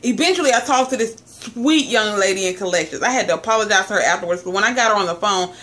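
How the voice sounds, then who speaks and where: A woman's voice: medium pitch, quick pace, fairly bright tone. Profane ranting woman in her late 20s. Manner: profane, exasperated storytelling; addresses viewers as family. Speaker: vlogger. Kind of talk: angry rant to camera.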